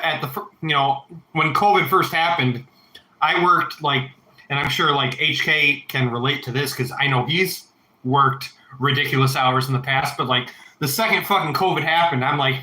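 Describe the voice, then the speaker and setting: Man, 30s, livestream host; rambling, profane, sharp bright tone, echoey room. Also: on the high side, normal speed. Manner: rambling, heavy swearing, reads chat aloud. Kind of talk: casual livestream chat.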